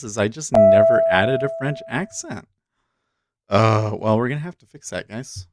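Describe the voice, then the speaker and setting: A man's voice: mid-range voice, expressive, moderate pace. A man hosting a day-trading livestream, talking casually to viewers at his desk microphone and thinking aloud between remarks. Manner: chatty, talks directly to viewers. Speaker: livestream host and day trader. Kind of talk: casual live commentary.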